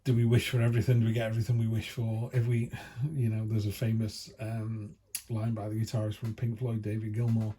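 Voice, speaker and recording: A man with a fairly low, mellow, slightly rough voice talks briskly in a completely flat delivery. He's a tarot reader giving a casual, chatty, enthusiastic reading from his home by a field, packed with fillers. Faint outdoor ambience and passing dogs can be heard behind him.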